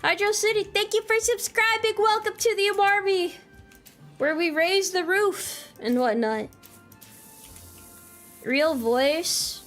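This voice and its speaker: A woman's voice: extremely high pitch, moderate pace, fairly bright tone, soft background music. A woman streamer giving casual gameplay commentary, playful and teasing.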